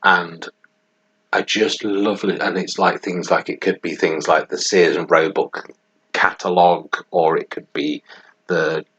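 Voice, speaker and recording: A man's voice: low-pitched, flat delivery, unhurried, a bit bright, husky. A man co-hosting a podcast in casual, rambling chat, often laughing as he talks. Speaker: podcast co-host. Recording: dull lo-fi audio with faint noise.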